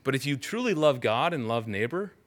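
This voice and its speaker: A man's voice: mid-range voice, big pitch swings, fairly quick. A man preaching a conversational sermon, reading scripture aloud and explaining it with frequent restarts. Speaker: pastor.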